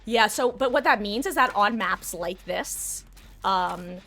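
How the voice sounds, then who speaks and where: A woman's voice: medium pitch, lively intonation, takes it slowly, a bit bright. A woman live-streaming a video game, chatting casually and explaining tactics to her viewers. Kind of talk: casual gameplay commentary.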